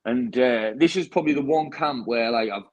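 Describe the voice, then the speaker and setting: A man's voice: medium pitch, fairly quick, rough recording. A young British man, a bare-knuckle fighter, chatting after a fight with lots of restarts and "mate" in every sentence. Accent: British English. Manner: chatty, says "mate" constantly, rambling restarts. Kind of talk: post-fight interview chat.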